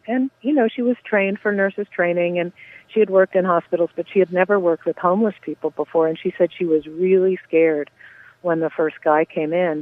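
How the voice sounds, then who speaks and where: A woman's voice: lowish voice, no room sound. Enthusiastic woman playwright on a phone line. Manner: warm, enthusiastic, chatty with frequent yeahs. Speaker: playwright, interview guest. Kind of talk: casual interview talk.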